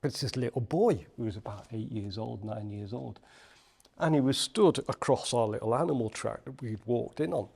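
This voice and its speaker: With a medium-pitched, gravelly voice and a breathy edge, a Liverpool-born guest speaks at a moderate pace in his local accent. Telling a story on a casual podcast, he's animated and performs the quoted voices.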